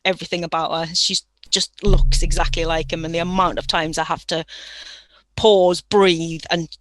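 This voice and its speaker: A woman's voice: on the low side, little pitch movement, moderate pace, fairly bright tone. A woman with a Durham accent, a guest telling her own story frankly in a podcast interview, from a room at home with rueful laughs now and then. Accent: Durham English.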